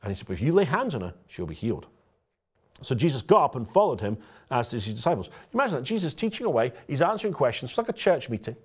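Man, pastor, conversational sermon, brisk delivery, mid pitch, storytelling to the congregation. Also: breathy edge. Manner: storytelling, lively and direct, addresses the congregation.

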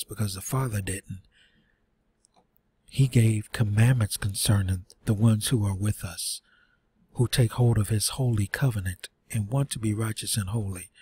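A man's voice: lowish voice, mellow, slightly rough. A man teaching a sermon, reading scripture aloud and breaking in with earnest rhetorical questions. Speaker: preacher.

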